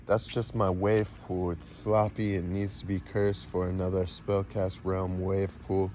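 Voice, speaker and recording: A man's voice: deep voice, flat delivery, measured pace, a little mellow, slight background noise. A man rambling through a casual, half-improvised monologue, drifting from one fanciful idea to the next and swearing mildly now and then. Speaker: vlogger.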